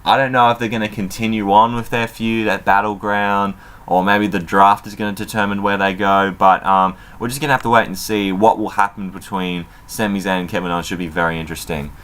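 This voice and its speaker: A man's voice: lowish voice, fairly even intonation, a little fast, fairly bright tone, slight background noise. A man giving a casual spoken review of a wrestling show, loose and rambling, with many fillers and free swearing.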